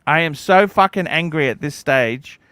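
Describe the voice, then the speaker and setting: Grumpy livestream host, forties, sharp, clean tone, foul-mouthed ranting. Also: male voice, a little high, animated, moderate pace, smooth, dry recording. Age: 40s. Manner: profane, cantankerous ranting.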